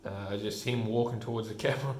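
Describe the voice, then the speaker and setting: A man's voice: fairly low pitch, steady tone, fairly quick, darkish tone. A man casually reviewing a comic book, rambling with many restarts and frequent chuckles. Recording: roomy room echo.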